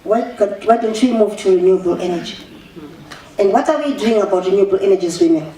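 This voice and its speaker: A Zimbabwean woman official giving an animated public speech, mixing English with Shona and restarting her sentences often. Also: medium pitch, fast. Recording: echoey room, voice far from the mic, faint ambience.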